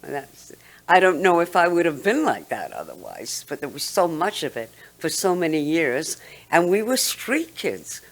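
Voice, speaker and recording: A woman's voice: sits low, huge pitch swings, normal speed. Older British woman with a London accent. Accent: London English. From London, England. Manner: chatty, laughs often while talking. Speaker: guest. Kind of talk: reminiscing interview talk.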